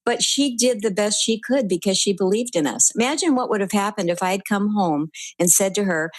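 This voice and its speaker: A woman in her eighties, a guest and writing teacher, telling personal stories in a gentle, earnest way with pauses. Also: mid-range voice, no echo. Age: 80s. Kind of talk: reflective personal storytelling.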